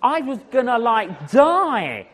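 Male evangelist, swooping animated delivery, story-driven sermon, acts out each exchange. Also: very high voice, slow. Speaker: evangelist preacher.

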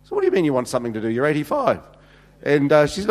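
Huge pitch swings mark this middle-aged senior pastor's fairly high voice as he races through a sermon of funny anecdotes. He uses many fillers, and the church hall gives the recording a long reverb.

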